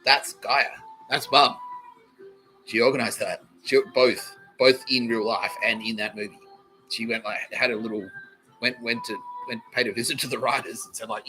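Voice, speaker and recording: A man's voice: medium pitch, steady tone, moderate pace, music in the background, poor audio. A man hosting a comedy podcast livestream, rambling, swearing freely and often breaking into laughter. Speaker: podcast host.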